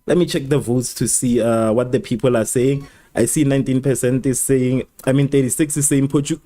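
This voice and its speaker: A man hosting a live football watchalong, rambling and repeating himself, who laughs at his own slips and jumps high in pitch at exciting moments. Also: normal speed, soft background music. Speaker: watchalong host. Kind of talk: live match watchalong chat.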